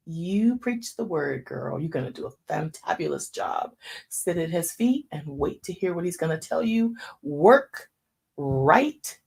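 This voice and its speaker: A woman in her fifties hosting a faith talk show, preaching in a casual, folksy way and dropping into hushed asides. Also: on the low side, vocal fry, slightly rough. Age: 50s.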